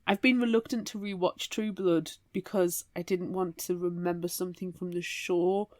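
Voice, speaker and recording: A woman co-hosting a podcast, chatting casually about books and giving measured, thoughtful opinions. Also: on the low side, steady tone, no echo. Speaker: podcast co-host. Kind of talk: casual book-club chat.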